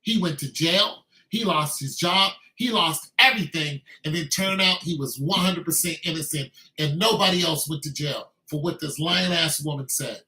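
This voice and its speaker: Emphatic high-voiced ranting man. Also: moderate pace, few pauses, sharp tone. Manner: emphatic, repetitive, scolding. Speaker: video commentator. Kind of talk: ranting commentary. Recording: echoey room.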